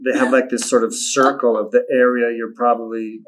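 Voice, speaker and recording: A man chatting as a guest, relaxed and soft-spoken, his sentences trailing off quietly. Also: mid-range voice, brisk. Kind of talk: casual chat.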